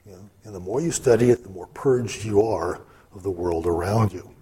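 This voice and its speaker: A man's voice: lowish voice, normal speed, warm tone. A man giving casual Bible teaching in a conversational way, full of asides and fillers. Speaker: preacher.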